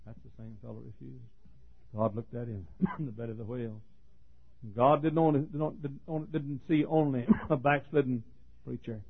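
A man's voice: medium pitch, fairly even intonation, normal speed, vocal fry, slightly rough. A man preaching a sermon in a folksy, joking storytelling manner, chuckling and coughing as he goes. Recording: tinny phone-like sermon tape.

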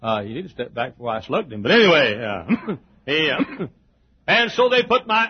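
A man preaching a sermon, telling stories, breaking into shouted exclamations and chuckles. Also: on the high side, big pitch swings, moderate pace, breathy edge. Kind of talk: sermon with storytelling. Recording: dull lo-fi recording.

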